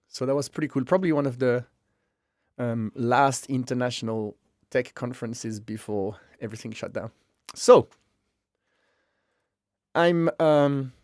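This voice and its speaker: A man's voice: mid-range voice, darkish tone, dry recording, studio quality. A man hosting a live stream from home, chatting casually and rambling with self-amused asides while he sets things up, speaking into a headset mic. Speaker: livestream host. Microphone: headphones with mic.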